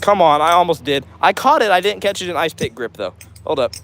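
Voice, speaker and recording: A male livestream host chats casually with viewers, answering their comments one after another in an upbeat, rambling way with many fillers like "all right." His voice sits a bit high for a man and is expressive, fast and fairly bright.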